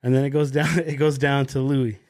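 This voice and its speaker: Here a young podcast co-host speaks briskly in a medium-pitched voice, spinning a wild tale full of swearing and laughter. It's casual podcast chat, animated throughout, recorded at studio quality with no echo.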